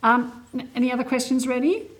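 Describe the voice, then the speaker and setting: A woman's voice: high-pitched, fairly quick. Attentive woman interviewer. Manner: attentive, frequent backchannel murmurs. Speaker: interviewer, associate professor. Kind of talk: interview talk.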